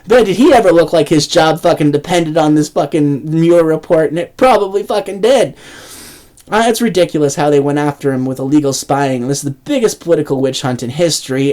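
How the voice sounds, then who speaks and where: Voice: mid-range voice, a little mellow. A political commentator ranting angrily and sarcastically, swearing heavily, restarting sentences and laughing mockingly between points. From Canada. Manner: angry, sarcastic, heavy swearing, frequent restarts. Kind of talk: profane political rant.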